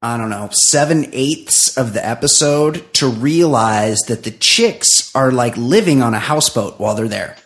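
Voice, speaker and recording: A man casually recapping a reality show on a podcast, animated and quick to swear, acting out the people he quotes. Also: mid-range voice. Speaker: podcast co-host.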